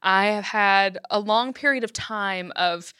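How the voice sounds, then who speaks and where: A woman's voice: medium pitch, measured pace, pushed and bright, clean tone, no echo, studio quality. A woman with a Southern US accent hosting a podcast, chatting casually and teasing her guest, with frequent laughter. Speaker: podcast host. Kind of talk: casual chat.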